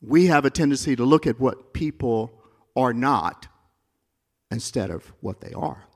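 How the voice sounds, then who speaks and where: A male pastor preaching a sermon in a church, moving between quiet, confiding asides and loud, rising climaxes. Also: medium pitch, animated, measured pace, big-room sound.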